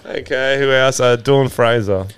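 Teasing podcast host. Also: male voice, mid-range voice, noisy background. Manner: teasing, swearing, quick asides. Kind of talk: casual podcast banter.

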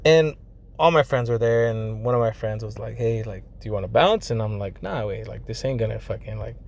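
A man's voice: lowish voice, brisk, gravelly, a little mellow, a little hiss or hum. A young man casually telling a personal story, profane and slangy, full of fillers like "like" and "you know," dropping in bits of Spanish. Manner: drops Spanish phrases into English.

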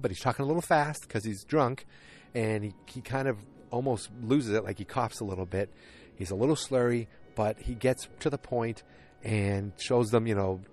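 A man with a lowish voice talks off the cuff outdoors on a windy evening. He rambles and riffs through a recap, jumping into the characters' lines as he goes. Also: a little mellow. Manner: chatty, riffing, acts out characters' lines. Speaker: vlogger recapping a TV episode.

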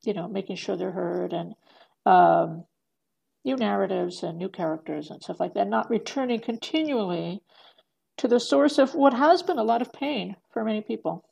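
A woman's voice: mid-range voice, normal speed, creaky, darkish tone, slightly rough. A middle-aged woman talking as a podcast guest, rambling through many fillers and restarts and laughing often. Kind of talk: casual podcast conversation.

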